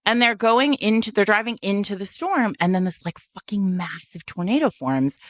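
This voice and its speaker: A woman's voice: medium pitch, moderate pace, no room sound, studio quality. A woman co-hosting a podcast, retelling a romance plot in casual chat, swearing freely and acting out the characters' lines. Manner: animated, swearing, acts out quoted characters. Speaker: podcast co-host.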